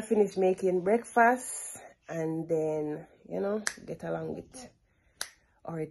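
A young woman, chatting casually to her vlog audience at home and coaxing her toddler in a soft, sing-song voice. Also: deep voice, takes it slowly, gravelly, a little hiss or hum. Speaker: vlogger mother. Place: home, kitchen and bathroom.

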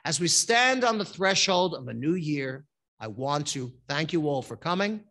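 A rabbi preaching on a holiday evening, his voice sitting a little high for a man. He talks in an easygoing, folksy way. He breaks up the sermon with jokes and questions to the people in the synagogue. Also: big pitch swings, moderate pace, pushed and bright. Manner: folksy, joking, asks the congregation questions. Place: synagogue sanctuary.

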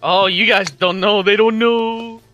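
A man with a high, bright voice gripes about the game while playing with friends. He sounds frustrated and complaining, and there is faint game music behind him. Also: steady tone, a little slow, lo-fi sound. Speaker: gamer. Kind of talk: casual chat while gaming.

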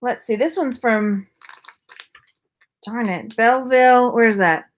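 A woman's voice: fairly high pitch, slow pace, slight background noise. A woman chatting casually on a live stream, playful and rambling, throwing in silly sound effects. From Texas. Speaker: vlogger unboxing purses.

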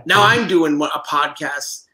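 A man's voice: a little high, a little slow, a loud crowd, rough recording. A man hosting a casual comedy podcast, bantering with self-deprecating jokes.

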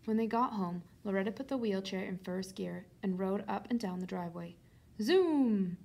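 A Canadian woman reading a children's storybook aloud as a librarian, doing animated voices. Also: a little fast, vocal fry. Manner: animated, shifts pitch high for shouts and dialogue.

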